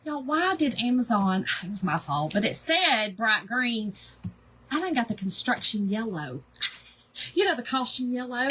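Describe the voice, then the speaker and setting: A woman's voice: on the high side, sing-song, unhurried, a bit bright, a little hiss or hum. A woman hosting a casual craft livestream, chatting in a rambling way, greeting viewers by name and poking fun at herself.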